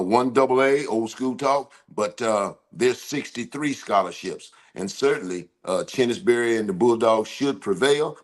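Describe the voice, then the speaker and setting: An older man hosting a casual sports talk show, loud and joking, drawling his football banter. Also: lowish voice. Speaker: host, former football coach.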